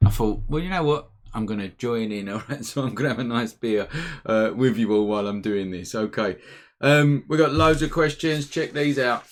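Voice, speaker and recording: A man's voice: mid-range voice, normal speed. A man hosting a casual live photography Q&A from home, chatty and upbeat. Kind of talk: casual live-stream chat. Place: home room, indoors.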